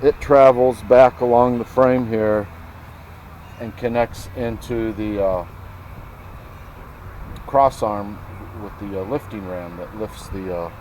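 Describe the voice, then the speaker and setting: A man with a low, deep voice vlogs in an unhurried, rambling way, thinking aloud and pausing to clear his throat. He talks into a handheld camera around a workshop and yard, with faint background noise behind him. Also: steady tone, a little mellow, low-quality recording. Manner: rambling, self-talking, clears throat often. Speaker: vlogger. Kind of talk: casual vlog chat.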